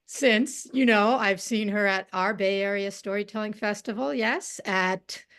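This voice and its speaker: A woman's voice: medium pitch, measured pace, a bit bright. A woman hosting a storytelling event, enthusiastically introducing the next teller over a video call. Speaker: event host.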